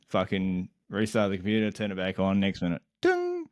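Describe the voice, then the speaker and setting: A young man on a casual podcast, co-hosting and telling a story in an animated, exasperated way, swearing constantly and laughing mid-sentence. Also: on the low side, brisk, few pauses, smooth, no echo, clean studio sound. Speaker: podcast co-host.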